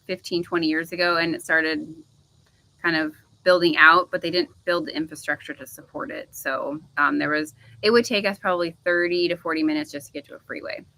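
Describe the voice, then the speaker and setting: A woman's voice: low voice, steady tone, brisk, pushed and bright, poor audio. A woman co-hosting a casual live chat, chatty and rambling with frequent laughs. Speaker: co-host.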